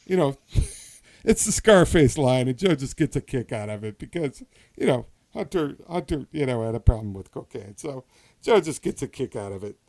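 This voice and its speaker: A man's voice: medium pitch, sing-song, normal speed, a little mellow. A man hosting a podcast in casual chat, telling a hypothetical story with many restarts and asides. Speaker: podcast host.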